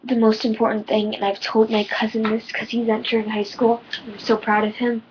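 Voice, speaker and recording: A woman's voice: a little high, monotone, a little fast, highs cut off, noisy background. A teenage girl giving personal advice in a rambling, heartfelt vlog, her voice shaking near tears. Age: teens. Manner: rambling, heartfelt, many ums. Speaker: vlogger.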